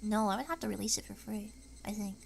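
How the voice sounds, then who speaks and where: A young woman streamer chatting casually and wordily, her pitch swooping up and down a lot. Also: fast talker, creaky, a little hiss or hum. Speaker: VTuber streamer. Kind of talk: casual live-stream chat.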